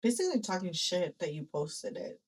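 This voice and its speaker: A woman's voice: lowish voice, sing-song, a little fast, slightly rough. A woman co-hosting a podcast who listens, reacts with short affirmations, and adds wry comments. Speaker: podcast co-host. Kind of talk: casual chat, listening and reacting.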